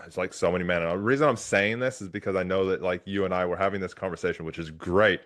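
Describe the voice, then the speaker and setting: A man hosting a casual interview, telling a personal story in an animated way with frequent restarts. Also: deep voice, quick pace. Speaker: podcast host.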